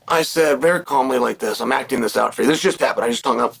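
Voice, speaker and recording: A man's voice: medium pitch, quick pace, gravelly, a bit bright, breathy edge. A man in a played clip, recounting a phone argument and acting out the quotes as he tells it. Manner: storytelling, acts out quotes. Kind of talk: recounting a story to camera.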